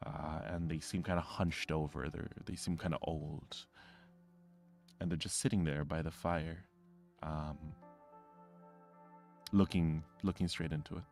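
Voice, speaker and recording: A male game master narrating a tabletop role-playing scene in a deep, low voice. He talks slowly and rambles, correcting himself often, while soft music plays behind him. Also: steady tone, vocal fry. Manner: rambling, filler-heavy, self-correcting.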